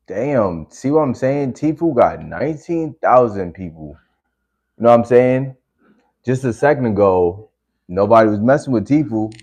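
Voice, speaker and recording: Laid-back low-voiced man streaming. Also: a little mellow. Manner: laid-back, rambling, slangy. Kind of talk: casual stream chat reacting to videos. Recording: slightly dull lo-fi audio.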